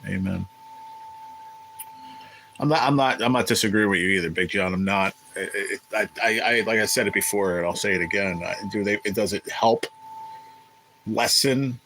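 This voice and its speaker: A man's voice: lowish voice, normal speed, pauses often, pushed and bright, a little hiss or hum, low-quality recording. A man hosting a casual livestream, rambling and swearing as he answers viewers in the chat. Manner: rambling, profane, chatty with viewers. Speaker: livestream host reading chat.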